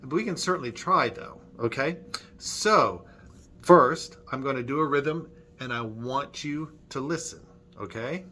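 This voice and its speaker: A man's voice: medium pitch, animated, moderate pace, noisy background. A man leading a children's Sunday school music lesson at church, friendly and patient, clapping and chanting rhythms.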